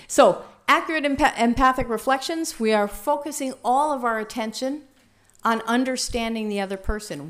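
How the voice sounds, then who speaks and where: A woman trainer leading a workshop, talking in a lively, conversational way and asking the room questions. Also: fairly high pitch. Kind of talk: teaching a workshop.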